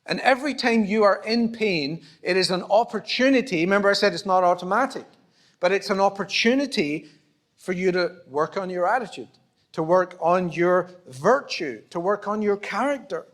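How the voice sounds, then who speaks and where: A man's voice: sits high, lively intonation, moderate pace, fairly bright tone. Scottish man preaching a conversational sermon. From Scotland. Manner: conversational, acts out small dialogues, self-deprecating humour. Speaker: pastor. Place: church auditorium.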